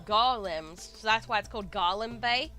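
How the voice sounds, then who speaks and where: A woman with an Australian accent, chatting and reacting excitedly while playing a game, swearing freely. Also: medium pitch, normal speed. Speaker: gaming streamer. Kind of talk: casual let's-play commentary. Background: game music.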